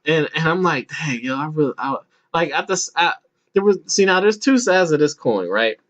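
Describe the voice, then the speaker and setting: A man's voice: fairly high pitch, big pitch swings, normal speed, fairly bright tone. A man in his thirties hosting a podcast, telling a long personal story casually, laughing often, restarting sentences and acting out voices. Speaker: podcast host. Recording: muffled lo-fi podcast audio.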